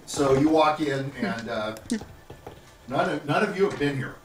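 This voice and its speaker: Animated man narrating a tabletop game. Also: on the high side, unhurried, distant mic, background noise. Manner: animated, laughing storyteller who jumps into character voices. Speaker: dungeon master. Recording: roomy mic with lively group chatter.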